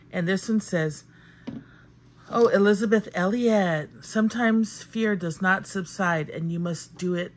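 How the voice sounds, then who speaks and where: Slow-talking gushing woman. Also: fairly low pitch. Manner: gushing, excited exclamations. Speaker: crafting channel host. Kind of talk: casual unboxing vlog chat.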